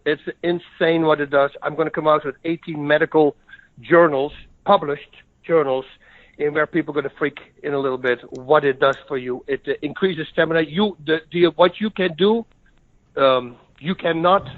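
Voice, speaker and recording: A middle-aged man speaks as a podcast guest, eager and rambling, often restarting his sentences. His voice sits a little high for a man. He comes through a thin, tinny phone line. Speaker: guest, former fighter. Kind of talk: casual podcast interview.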